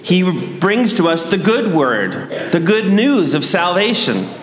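A man giving a sermon as a priest, measured and dryly humorous. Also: sits high, sing-song, a crowd in the background. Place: large church. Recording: echoey church hall.

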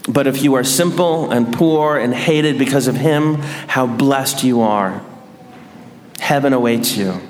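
A man's voice: medium pitch, a little hiss or hum. Man preaching in an echoey church. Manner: measured, dry humor. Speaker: priest. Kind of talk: sermon. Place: large church.

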